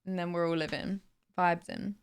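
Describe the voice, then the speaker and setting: A woman's voice: fairly low pitch, normal speed, clean tone. A young British woman livestreaming, chatting casually and playfully with viewers, laughing often. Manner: giggly, chatty, playful, animated with hand gestures.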